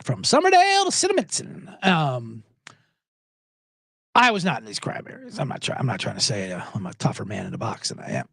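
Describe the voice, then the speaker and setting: A man hosting a podcast, chatting casually and rambling through stories, acting out other people's lines in loud, higher voices. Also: sing-song, fairly quick, gravelly, breathy edge, dry recording, clean studio sound. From South Jersey, USA. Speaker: podcast host. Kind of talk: casual chat.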